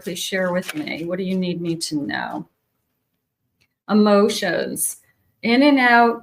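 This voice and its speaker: Slow-speaking woman giving a tarot reading. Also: mid-range voice. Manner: slow, soothing, searching for words with many restarts. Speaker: psychic tarot reader.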